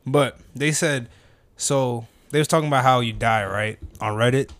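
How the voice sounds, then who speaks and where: A man's voice: mid-range voice, moderate pace, fairly bright tone. A man in casual chat, reacting with short teasing questions and laughs. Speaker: listener.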